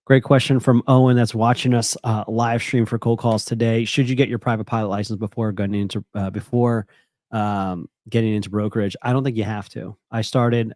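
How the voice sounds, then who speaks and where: Guy live streaming, quick chatty talk, lowish voice, dry sound. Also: a little mellow, no echo. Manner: upbeat, chatty, talks straight to viewers. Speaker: jet broker live-streaming cold calls. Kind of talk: casual live-stream chat and sales calls.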